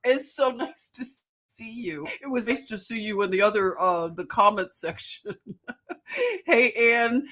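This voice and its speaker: Philly-accented woman hosting a live chat, slow and easy, a bit high-pitched, greets everyone by name. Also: a bit bright. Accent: Philadelphia. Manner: greets viewers by name, laughs often. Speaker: livestream host. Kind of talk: casual livestream chat.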